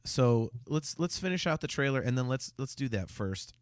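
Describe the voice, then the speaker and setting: A man's voice: medium pitch, lively intonation, normal speed, clear, resonant tone, no room sound. Stammering casual male co-host. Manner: hesitant, stammering restarts, reads viewer comments. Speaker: podcast co-host. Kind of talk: casual chat.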